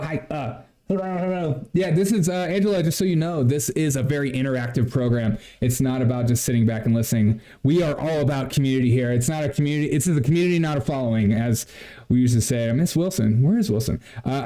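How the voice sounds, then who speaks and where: A man's voice: mid-range voice, warm tone. A man hosting a comedy livestream, talking to viewers in a mocking, laughing, chatty way. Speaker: livestream host. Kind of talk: sarcastic comedy livestream commentary.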